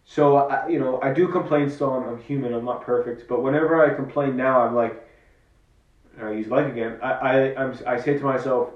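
A man's voice: medium pitch, steady tone, normal speed. An earnest man reflects on struggle in a personal vlog, speaking as if coaching himself. He sits well away from the mic in a roomy, echoing space. The recording sounds slightly muffled. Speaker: vlogger. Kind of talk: personal motivational monologue. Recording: roomy, distant, dull-sounding.

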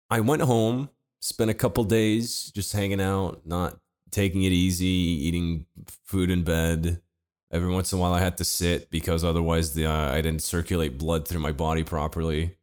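A man with a very low voice tells a long personal story in a relaxed podcast chat. He keeps it laid-back, swears freely and acts out what other people said. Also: a little slow, clean tone. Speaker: podcast co-host telling a story.

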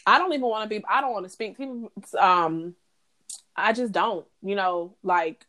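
A young woman co-hosting a podcast, ranting in a heated, profane and animated way in casual chat. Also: mid-range voice, moderate pace. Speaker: podcast co-host.

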